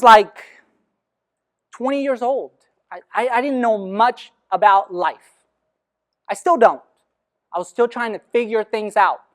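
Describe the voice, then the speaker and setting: A man in his thirties tells a personal story to a room. His delivery is animated and he laughs as he goes. He acts out the lines of the people in the story. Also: high-pitched, unhurried, long pauses. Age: 30s. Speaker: speaker on after-school programs. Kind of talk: storytelling talk.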